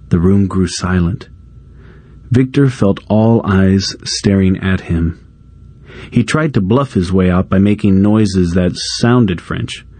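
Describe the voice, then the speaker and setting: A man reading a short story aloud as narrator, in an even storytelling manner. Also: fairly low pitch, husky, no echo.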